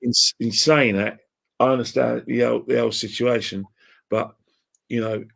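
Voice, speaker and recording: A man's voice: medium pitch, steady tone, moderate pace, vocal fry, fairly bright tone. A man talking casually as a podcast guest, rambling and opinionated and laughing at his own jokes. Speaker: podcast guest, football fan. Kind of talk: casual chat.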